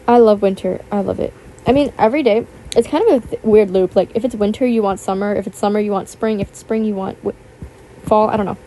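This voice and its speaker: A young woman in her teens chatting casually, rambling with lots of fillers and a self-conscious, apologetic manner; her voice sounds a little rough. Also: mid-range voice, quick pace, warm tone, a little hiss or hum. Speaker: YouTuber. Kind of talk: casual chat over gameplay.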